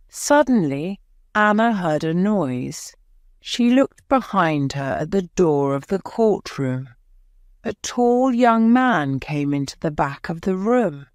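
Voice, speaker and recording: A woman narrating a graded-reader audiobook slowly and clearly. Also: low-pitched, lively intonation, darkish tone, no room sound, clean studio sound. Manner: slow, clear, simple phrasing.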